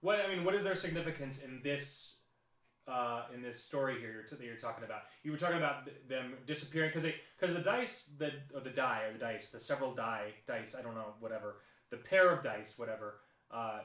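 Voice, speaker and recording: A man's voice: mid-range voice, a little fast, a bit bright. Hesitant man, distant and echoey. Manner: hesitant, full of restarts and fillers. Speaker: podcast co-host. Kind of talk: casual fan discussion.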